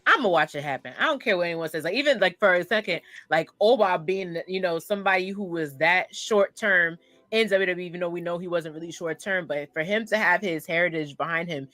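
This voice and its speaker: Chatty woman podcast host, animated. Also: on the low side, fairly quick, no echo. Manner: animated, rambling, says "like" often. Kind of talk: casual podcast chat.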